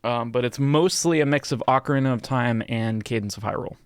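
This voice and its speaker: A man's voice: medium pitch, fairly quick, smooth, no room sound, studio quality. A young man live-streaming, chatting casually with viewers, swearing a lot and mock-scolding his pet.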